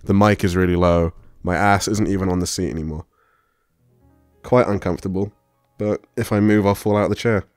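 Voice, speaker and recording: A man co-hosting a casual podcast, with laid-back deadpan banter. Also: low-pitched, brisk, no room sound, clean studio sound, faint music behind. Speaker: podcast co-host. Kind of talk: casual podcast chat over a call.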